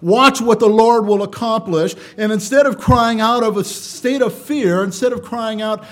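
A man preaches with a notably high-pitched voice. His delivery is dynamic, rising into loud emphasis and dropping to quiet asides. When reading scripture, he slows into a measured cadence. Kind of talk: sermon.

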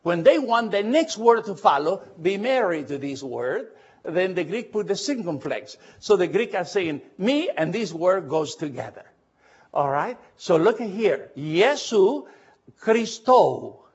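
A man leading a Bible study lecture, speaking earnestly with halting restarts and often asking the listeners whether they follow. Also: high voice, big pitch swings, breathy edge, muffled recording. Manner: earnest, halting, often checks understanding with questions; spells out Greek letters slowly.

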